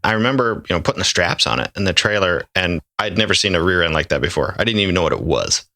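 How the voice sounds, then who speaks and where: A man's voice: sits low, expressive, fast talker, sharp tone. A man co-hosting a podcast, chatting casually and adding short asides. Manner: brief interjections and short asides. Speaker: podcast co-host. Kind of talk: casual chat.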